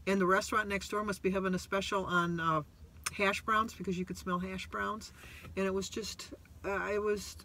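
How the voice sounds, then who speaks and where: High-voiced middle-aged man rambling in a car. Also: flat delivery, normal speed, sharp tone, slight background noise. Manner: rambling, emotional and self-deprecating, with many restarts. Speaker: vlogger on a weight-loss journey. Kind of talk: casual vlog monologue. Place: parked car.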